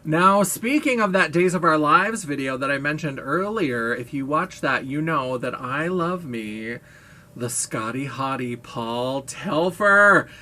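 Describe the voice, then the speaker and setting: A man's voice: on the high side, a little slow, few pauses, sharp tone. A man vlogging in a casual monologue, gushing, playful and self-mocking, with a brash, blaring voice.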